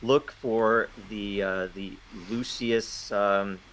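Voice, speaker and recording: A man joining a casual podcast chat, speaking haltingly with many fillers and restarts. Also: fairly low pitch, steady tone, a bit bright, slight background noise, low-quality recording. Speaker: guest.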